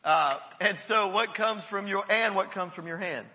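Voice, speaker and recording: Animated high-voiced preacher in a hall. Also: male voice, normal speed. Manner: animated, repeats words, calls on the congregation. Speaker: pastor. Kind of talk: sermon. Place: church.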